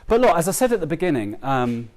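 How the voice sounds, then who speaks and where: A man giving a heartfelt, halting talk to a live audience at a book launch, with many pauses and restarts. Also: a little high, big pitch swings, darkish tone. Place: live event before an audience.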